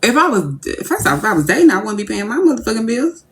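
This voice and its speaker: Young woman, livestream rant, bright lively voice, brash and profane. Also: on the high side, fast, a little hiss or hum. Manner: brash, profane and animated, swooping into giddy squeals.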